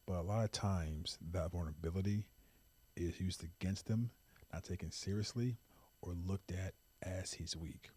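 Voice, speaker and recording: Deep husky man, pleading and earnest. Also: normal speed, darkish tone. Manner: impassioned, repetitive emphasis, pleading. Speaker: podcast host. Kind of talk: earnest monologue.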